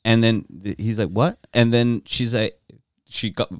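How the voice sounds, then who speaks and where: A man's voice: medium pitch, flat delivery, normal speed, clean tone, no echo, clean studio sound. A man in casual podcast chat, telling a long rambling story with restarts and crude jokes.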